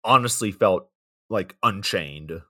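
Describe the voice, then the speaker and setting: A young man with a lowish, bright-edged voice recapping a film for a podcast. He summarizes in a laid-back way, with frequent fillers and wry asides. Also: expressive, takes it slowly. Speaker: podcast co-host recapping the plot. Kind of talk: casual movie recap.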